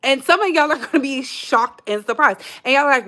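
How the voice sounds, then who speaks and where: A woman's voice: high-pitched, a little fast, bright, forceful tone. An American woman hosting a casual commentary channel, talking in a sassy, emphatic way and calling her listeners "baby.".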